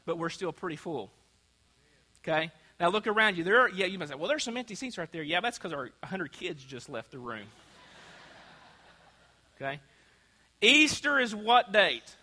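In a reverberant church sanctuary, a male pastor with a high, bright, forceful voice delivers a sermon and invites the congregation to shout out responses.

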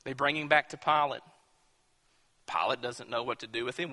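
A man preaching a dramatic sermon, dropping to hushed tones and then rising into loud, emphatic bursts, in a large church. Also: medium pitch, fairly even intonation, moderate pace. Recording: long hall reverb.

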